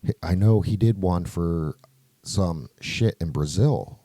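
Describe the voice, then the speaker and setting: A man's voice: low-pitched, slow, mellow, dry recording. A man co-hosting a podcast, rambling loosely in casual chat and swearing often. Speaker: podcast co-host.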